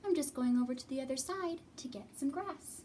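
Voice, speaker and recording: Woman doing a tiny squeaky billy goat. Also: darkish tone, a little hiss or hum, natural voice. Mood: pleading. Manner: high, pleading, quick. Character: littlest billy goat, small young male, timid.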